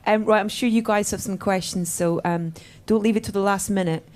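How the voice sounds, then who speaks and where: A woman of middling pitch hosts an audience Q&A at a press event. She moves things along briskly and encourages the questioners. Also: steady tone, a little mellow, slight background noise. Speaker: host. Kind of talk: moderating audience Q&A.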